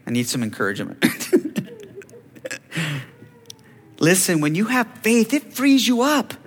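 A man's voice: sits high, wildly swooping pitch, a little slow. A man preaching a sermon, acting out biblical dialogue and calling to the congregation for amens. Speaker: pastor. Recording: long hall reverb.

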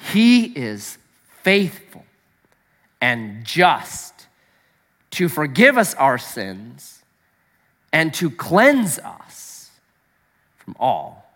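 A man's voice: fairly high pitch, a bit bright, husky. A man preaching a sermon as pastor, telling a family story with acted-out voices and humor. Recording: echoey hall.

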